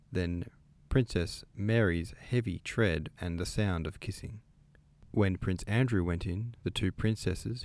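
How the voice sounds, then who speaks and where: A man with a low, deep voice reads a classic novel aloud, measured and expressive. His delivery is unhurried and clear. The recording is dry and close. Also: dry recording. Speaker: reader.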